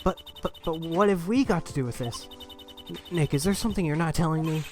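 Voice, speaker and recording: A man voicing an excitable young woman sidekick in a high, worried, pleading voice. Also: fairly quick, faint music behind, lightly acted. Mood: anxious.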